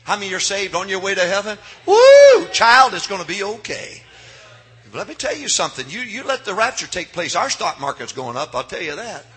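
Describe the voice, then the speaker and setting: Husky preacher, high and shouting. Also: male voice, expressive, fairly quick. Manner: swings from hushed to shouting. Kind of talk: revival sermon. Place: church sanctuary.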